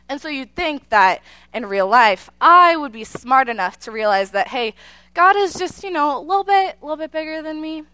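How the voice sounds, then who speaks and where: A woman with a high, smooth voice shares a personal faith testimony, her pitch rising and falling widely as she tells the story. She talks straight to her listeners, leaves dramatic pauses and takes her time. The recording is close and dry. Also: a bit bright, no room sound. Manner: addresses the listeners directly.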